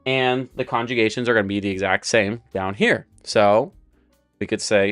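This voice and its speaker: A man's voice: medium pitch, lively intonation, normal speed, a bit bright, soft background music. Man teaching Spanish grammar at a board. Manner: explains step by step while writing on a board. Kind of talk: live-streamed language lesson.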